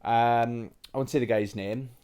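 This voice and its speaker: A man's voice: medium pitch, unhurried, smooth. Chatty, rambling British man in his forties. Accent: British English. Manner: rambling, chatty, with many fillers and asides; excitable and sentimental. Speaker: retro game collector host. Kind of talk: casual nostalgic show-and-tell.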